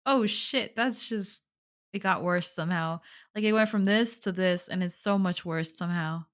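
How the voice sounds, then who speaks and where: A woman's voice: fairly low pitch, moderate pace, a bit bright. A woman playing a horror visual novel, reading the story aloud and reacting with lots of swearing and casual slang. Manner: reactive, swears a lot, says "bro". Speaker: gaming streamer. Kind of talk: let's play commentary and reading game text aloud.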